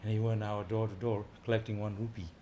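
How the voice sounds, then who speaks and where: Animated man giving an informal talk. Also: lowish voice, fast, a little hiss or hum. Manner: animated, rising loud for emphasis, chuckling. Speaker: visiting speaker.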